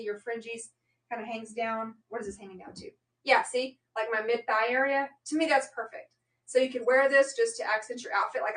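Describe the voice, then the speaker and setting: A woman hosts a live shopping stream in a loose, rambling way, full of fillers and quick self-corrections. Her voice sits a touch high. She sounds set back from the mic in a roomy space. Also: a bit bright, far from the mic. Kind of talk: casual live-stream sales chat.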